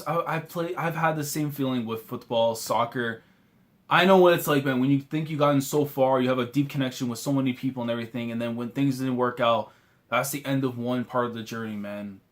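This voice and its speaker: A young man reacting live to a manga chapter, his voice swinging from hushed and choked up to loud pleading outbursts. He talks casually, stumbles over his words and keeps tacking on "man" and "bro." His pitch sits in a middling range for a man. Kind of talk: emotional live reaction commentary.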